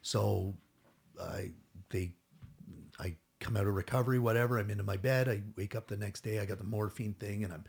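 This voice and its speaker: A man's voice: fairly low pitch, fairly quick, creaky, a little mellow, husky. A middle-aged man telling a long story as a podcast guest, rambling and acting out what others said, with casual swearing.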